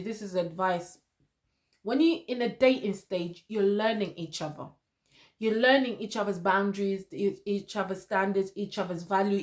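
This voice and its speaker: High-voiced woman lecturing a reality-show cast member. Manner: lecturing, repeats phrases for emphasis, addresses the cast member directly. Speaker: TV show reviewer. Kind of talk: opinionated reality-show review.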